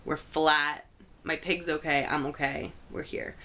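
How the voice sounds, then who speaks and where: A woman's voice: low voice, level tone, measured pace, sharp tone. A young woman vlogger telling a story casually, filling her talk with "like" and swearing freely. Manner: chatty, heavy use of "like", frank swearing.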